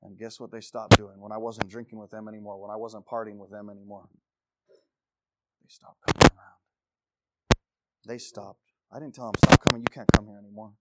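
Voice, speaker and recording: A man preaching a sermon with passion, swinging from loud exhortation to low intensity and repeating phrases for emphasis. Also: flat delivery, moderate pace, long pauses, heavy background noise.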